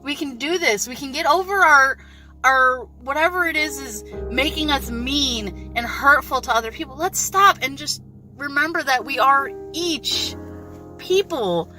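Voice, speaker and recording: Woman vlogger, high voice, bright tone, chatty earnest rant, faint music behind. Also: unhurried. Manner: chatty, storytelling, earnest and exasperated. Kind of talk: casual rant to camera.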